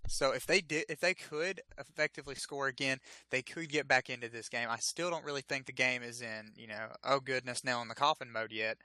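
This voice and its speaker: A man's voice: mid-range voice, a little fast, few pauses, sharp tone, dry recording. A man with a Southern US accent doing casual, chatty play-by-play commentary on a football game stream. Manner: chatty, laid-back, jokey asides.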